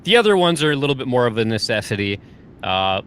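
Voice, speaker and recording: A man's voice: mid-range voice, big pitch swings, quick pace, fairly bright tone, smooth. A man from Michigan hosting a podcast, chatting eagerly with his guest and laughing often. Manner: enthusiastic, laughs often, many fillers. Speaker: podcast host. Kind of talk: casual interview chat.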